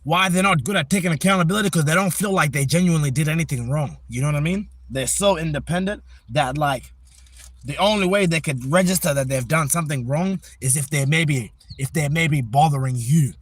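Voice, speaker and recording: A man's voice: fairly high pitch, brisk. A man hosting a casual livestream, talking in a loose, slangy, rambling way that turns into heated ranting at a viewer in the chat. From Australia. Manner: laid-back, rambling, slangy. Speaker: livestream host.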